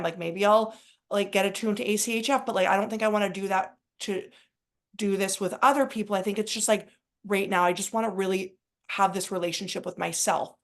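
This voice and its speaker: Woman podcast co-host, chatty and rambling, casual spiritual talk. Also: medium pitch. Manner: rambling and excitable, heavy use of "like".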